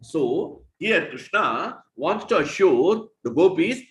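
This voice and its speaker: A man giving an animated scripture class, quoting Sanskrit verses and explaining them. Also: on the high side, slow, echoey room. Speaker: devotional speaker.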